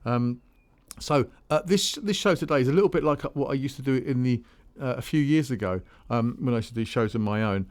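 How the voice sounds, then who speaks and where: Rambling music podcast host. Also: male voice, mid-range voice, fairly quick, hardly any pauses. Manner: rambling, chatty, full of restarts and asides. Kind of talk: casual solo chat between tracks.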